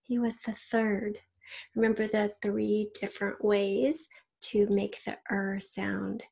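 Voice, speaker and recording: A woman teaching and dictating a children's spelling test, reading each word slowly in an example sentence and giving spelling hints. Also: medium pitch, little pitch movement, creaky, a little mellow, slightly rough.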